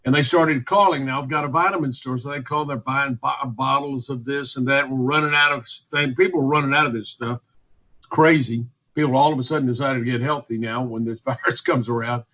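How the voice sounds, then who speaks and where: A man's voice: mid-range voice, fairly even intonation, brisk, sharp tone, low-quality recording. A man, speaking as a physician guest in a radio interview, emphatic and repetitive, listing points one by one. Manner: emphatic, repetitive, list-making.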